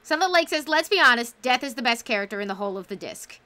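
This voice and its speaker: A woman's voice: on the high side, animated, fast talker, sharp tone. A woman hosting a casual livestream book club, talking enthusiastically and reading out chat comments.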